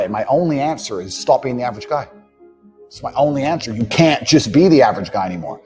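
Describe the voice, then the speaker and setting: A man's voice: medium pitch, animated, fast, a little mellow. Brash guy ranting about money, swears a lot, medium voice, bit of music behind. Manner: brash, blunt and profane, acts out quoted dialogue. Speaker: entrepreneur speaking on money. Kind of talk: motivational monologue.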